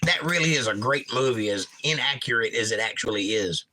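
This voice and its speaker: A man's voice: medium pitch, lively intonation, brisk, sharp tone. A middle-aged man hosting a casual livestream, reading viewer comments aloud and joking about them. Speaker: livestream host reading chat.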